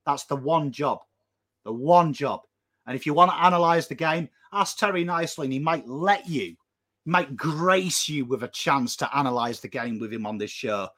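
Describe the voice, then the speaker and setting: An English man ranting as co-host of a football fan show, sweary and impassioned, swinging between shouting and low intensity. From England. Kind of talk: fired-up fan rant.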